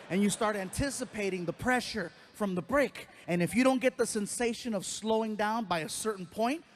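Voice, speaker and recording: A man doing a stand-up comedy routine, telling an animated story and acting out voices and sound effects. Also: sits high, slight background noise. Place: live comedy stage.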